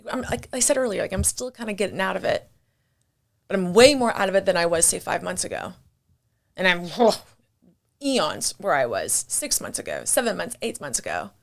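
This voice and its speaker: A woman's voice: lowish voice, very animated, moderate pace, gravelly. A young adult woman hosting her own podcast, talking candidly and reflectively in a chatty, casual monologue. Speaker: podcast host.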